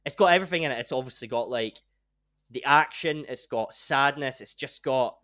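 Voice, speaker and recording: A young man hosting a podcast in casual chat, rambling and excitable and swearing freely. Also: medium pitch, moderate pace. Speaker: podcast host.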